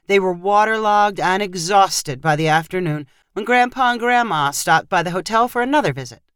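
A woman narrating a short story in a measured, even read. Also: mid-range voice, clear, resonant tone, dry recording, clean studio sound. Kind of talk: scripted narration.

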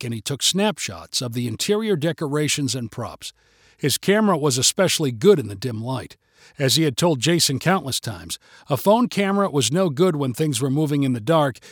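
A man reads a story aloud in a steady, measured way, his voice sitting a little high for a man. He is on a close mic in a dry, dead space with no room sound. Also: dry recording. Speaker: narrator. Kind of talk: storybook narration.

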